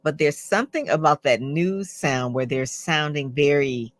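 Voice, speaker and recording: A woman with a deep voice hosts an interview show, talking a little slowly. She's chatty and affirming, often agreeing and reacting enthusiastically, and the audio has no echo.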